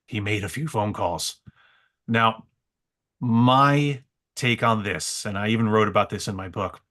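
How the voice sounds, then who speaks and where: A man on a podcast, telling a story with excitable energy and frequent stammering repeats. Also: on the low side, a little slow. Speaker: guest. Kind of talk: animated storytelling.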